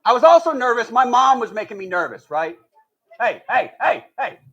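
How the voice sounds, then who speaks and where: High-voiced man doing animated stand-up. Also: moderate pace, slightly rough, muffled recording. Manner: animated storytelling, acts out quoted voices, laughs at own jokes. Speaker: stand-up comedian. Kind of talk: stand-up comedy set. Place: live show before an audience.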